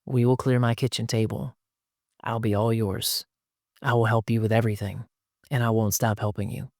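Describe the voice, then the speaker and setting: A man's voice: mid-range voice, little pitch movement, normal speed, a little mellow, dry recording, studio quality. A man who is a pastor, talking emphatically on a podcast and acting out the people he quotes. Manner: emphatic, acts out quoted people in different voices. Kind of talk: conversational podcast discussion.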